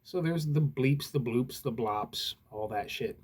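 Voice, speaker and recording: A man's voice: mid-range voice, a little slow, a little mellow, slightly rough. A man casually reviewing records in a laid-back, rambling way, with lots of fillers and the odd swear word.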